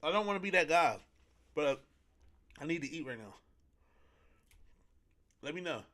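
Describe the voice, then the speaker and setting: A man's voice: fairly high pitch, animated, moderate pace, a bit bright. An urgent young woman, as a man quotes her. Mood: insistent. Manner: pushy, repeating herself.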